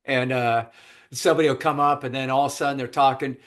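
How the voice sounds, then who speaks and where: A male podcast host talks fast in a mid-range voice, spinning an anecdote in a casual chat held over a remote call. He animatedly acts out the people in the story with different voices.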